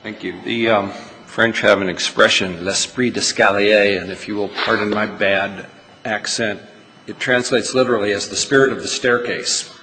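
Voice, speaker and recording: Composed, low-voiced male attorney in rebuttal. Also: fairly even intonation, normal speed, bright, forceful tone. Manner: composed, articulate, lightly wry. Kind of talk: courtroom oral argument. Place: large courtroom. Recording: reverberant courtroom with faint noise.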